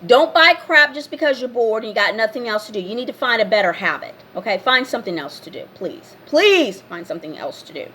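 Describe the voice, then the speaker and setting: A woman with a slightly high voice delivers a casual rant to her camera. She is blunt and scolding and keeps repeating herself to drive each point home. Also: lively intonation, fairly quick, few pauses, bright, forceful tone, slightly rough. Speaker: vlogger.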